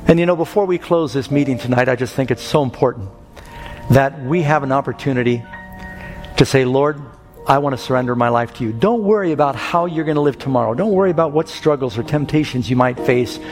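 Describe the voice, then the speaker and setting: A man preaching in a large hall with a long reverb tail and soft music underneath. His pitch is mid-range, and he moves from calm storytelling to urgent pleading. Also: a little fast. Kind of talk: evangelistic sermon.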